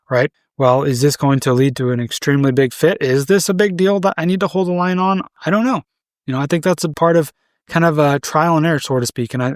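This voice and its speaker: A man in his thirties hosts a solo podcast, speaking loosely and conversationally, often checking in with "right?" and restarting phrases. His voice is a little high. The sound is clean studio quality with no echo.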